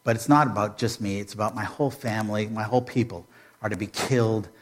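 A man voicing a young queen who pleads softly and earnestly. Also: lowish voice, fairly even intonation, fast talker, natural voice.

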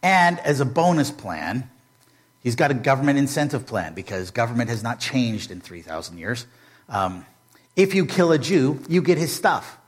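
A man retelling a Bible story as a preacher, animated and humorous, with modern comparisons. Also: medium pitch, moderate pace. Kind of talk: storytelling sermon.

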